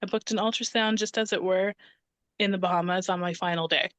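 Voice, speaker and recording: Woman in her 30s, lively storyteller, plays out the dialogue, dry close sound. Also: fairly low pitch, brisk, no room sound. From Canada (Ontario). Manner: animated, acts out quoted dialogue. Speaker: podcast guest. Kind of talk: casual storytelling conversation.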